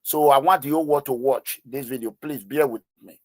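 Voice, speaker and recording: A man's voice: medium pitch, brisk, no room sound. Impassioned male news commentator, dry close sound. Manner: impassioned, pleading, many fillers and repeats. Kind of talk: emotional video commentary.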